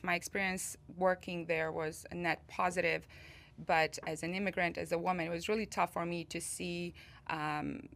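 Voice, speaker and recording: A woman from Bosnia with an accent, speaking as a podcast guest in an earnest, measured way. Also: lowish voice, vocal fry, a bit bright. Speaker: guest, real estate executive. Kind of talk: podcast interview.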